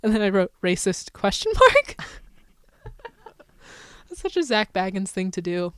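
A woman's voice: mid-range voice, big pitch swings, unhurried, smooth, dry recording. A woman co-hosting a podcast in casual chat, playful and sarcastic, often laughing. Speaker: podcast co-host.

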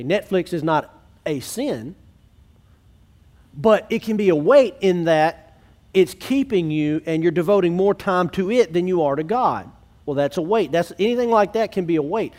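Speaking from a church sanctuary, a pastor preaches to his congregation in an earnest, conversational way, posing rhetorical questions to the room. His voice sits high with a darkish tone.

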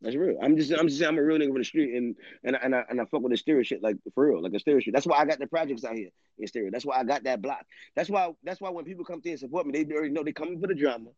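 Man, live stream host, rambling, profane, street slang, quick, dull dry audio. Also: mid-range voice, darkish tone, dry recording. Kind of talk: casual live-stream monologue.

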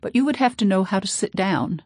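A woman voicing an old village chief, calm and dignified, with a deep sighing voice and careful English, rolling his R's. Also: brisk, breathy edge, no room sound, studio quality.

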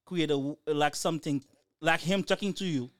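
Animated man telling a story. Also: fairly high pitch, normal speed, dry recording, clean studio sound. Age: 30s. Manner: animated storyteller, acts out quotes. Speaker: podcast co-host. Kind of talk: casual chat.

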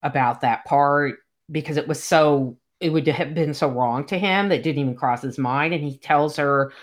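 A woman's voice: low voice, normal speed. A woman in casual chat, retelling a romance novel and acting out the characters' lines as she goes. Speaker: book discussion co-host.

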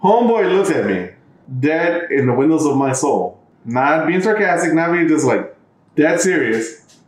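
A man's voice: on the high side, very animated, unhurried, roomy sound, low-quality recording. A man who works as a bartender, telling a long story in casual chat with lots of restarts and fillers. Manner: rambling, many restarts and fillers. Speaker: bartender, podcast co-host.

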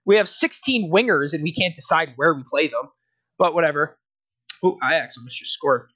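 A man's voice: on the high side, animated, moderate pace, sharp tone, husky, no room sound. Young man, podcast co-host, exasperated ranting, dry close sound. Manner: exasperated, ranting with frequent laughs and restarts. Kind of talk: casual sports podcast rant.

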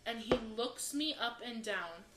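A woman co-hosting a comedy podcast, telling stories in an animated, profane way and acting out the voices of people in them. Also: a little high, unhurried. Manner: animated, swears constantly, acts out voices. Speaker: podcast co-host. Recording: roomy echo with faint background hiss.

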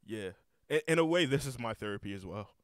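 A man's voice: mid-range voice, expressive, quick pace, a bit bright, no echo, clean studio sound. A young man hosting a casual podcast, rambling with lots of repeated words and cursing freely. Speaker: podcast host.

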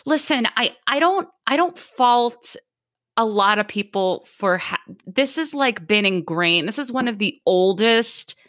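A woman's voice: a little high, animated, a little slow, a bit bright, no echo, studio quality. A woman hosting a podcast, talking in an earnest, reflective way. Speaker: podcast host. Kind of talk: casual podcast chat.

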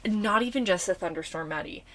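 A woman co-hosting a casual podcast, telling a story in an animated way and swearing freely. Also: mid-range voice, brisk, a little hiss or hum. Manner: animated, swearing, acts out her own reactions.

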